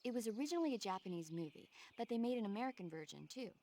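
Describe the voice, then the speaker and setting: A woman's voice: medium pitch, expressive, racing, mellow, natural voice. A woman voicing a chatty movie-buff radio supporter. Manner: chatty, enthusiastic about movies. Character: cheerful young female radio support, film buff. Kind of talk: game cutscene dialogue.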